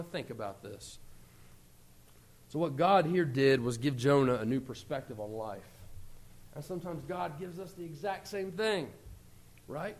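A man with a high voice preaches a sermon to his congregation. He talks in a relaxed, conversational way, then pushes his voice up and out for emphasis.

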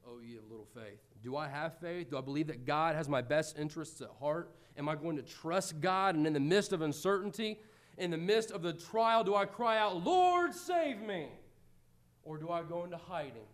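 A middle-aged American man preaching a sermon, earnest, moving between loud pleading and quiet reflection. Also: on the high side, brisk.

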